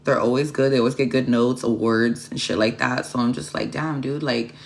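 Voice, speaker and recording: The tarot-reading livestream host has a gravelly bass voice, brisk and flatly delivered. She talks bluntly and casually with frequent swearing, drifting between points and pausing to thank viewers by name.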